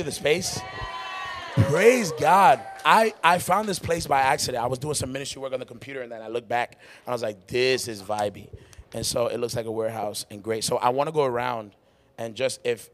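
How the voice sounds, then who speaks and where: An excitable man rambles and laughs through a casual podcast chat, his voice slightly worn from singing. He sounds like he is in a warehouse-style venue right after a show. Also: medium pitch, fast. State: losing his voice. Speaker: podcast host and worship musician.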